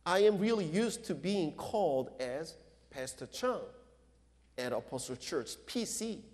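Slow-preaching pastor, high voice. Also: male voice, expressive, darkish tone. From Korea. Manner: slow, deliberate preaching with non-native English phrasing. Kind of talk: sermon. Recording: long reverb of a large hall.

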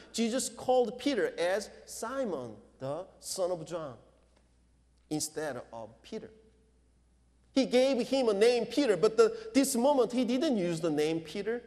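Slow-preaching pastor, high voice. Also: male voice, a little mellow. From Korea. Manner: slow, deliberate preaching with non-native English phrasing. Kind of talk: sermon. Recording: long reverb of a large hall.

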